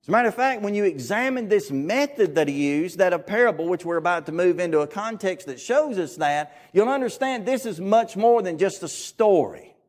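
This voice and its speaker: A man's voice: high-pitched, animated, brisk, few pauses, a little mellow. A man with a Southern US accent preaching a sermon to his congregation, earnest and emphatic, repeating his key phrases.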